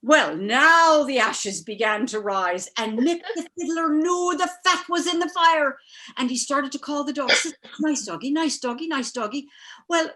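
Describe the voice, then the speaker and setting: A woman with a high, bright voice spins a folksy tale in an Irish accent, lively and playful, over a video call. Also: unhurried. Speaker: storyteller. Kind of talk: live storytelling performance.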